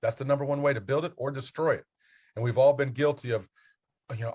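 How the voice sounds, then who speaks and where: A man's voice: medium pitch, steady tone, fairly quick, darkish tone. A man, a basketball coach and mentor, talking as a podcast guest, earnest and motivational as he spells out his acronyms.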